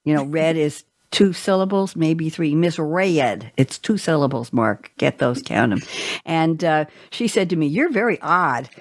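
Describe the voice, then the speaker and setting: A woman's voice: sits low, lively intonation, normal speed, no room sound, studio quality. A woman hosting a radio talk show, chatty and digressive as she introduces her guests.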